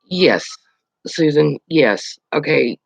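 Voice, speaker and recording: Creaky-voiced man chatting on a live stream. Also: fairly high pitch, lively intonation, takes it slowly, no room sound, low-quality recording. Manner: chatty, storytelling, answers viewer comments. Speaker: channel host. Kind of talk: casual live-stream chat.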